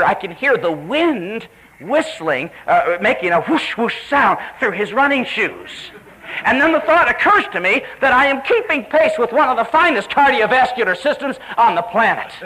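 A man preaching a sermon, telling a story in an animated way and acting out the voices he quotes. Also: moderate pace, rough recording. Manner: animated, acts out quoted voices with sharp pitch jumps.

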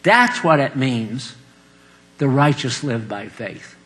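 An older man preaching a folksy sermon, chuckling often and swinging between loud emphatic lines and quiet asides. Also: mid-range voice, very animated, takes it slowly.

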